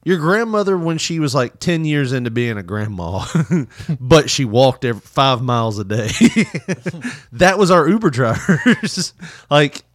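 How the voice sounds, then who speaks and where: A man chatting casually on a podcast, rambling through travel stories and breaking into laughter often. His voice sits at an ordinary middle pitch. The sound is dry and close, with no room around it. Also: animated, measured pace, no echo. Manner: laughs often, loose rambling storytelling with swearing. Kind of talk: casual chat.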